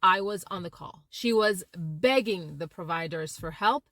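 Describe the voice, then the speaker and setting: Female interpreter explaining her craft; animated, vocal demonstrations, dry recording. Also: lowish voice, measured pace, dry recording. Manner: expressive, shifts tone to illustrate points. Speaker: interpreter and language teacher. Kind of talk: educational talk to camera.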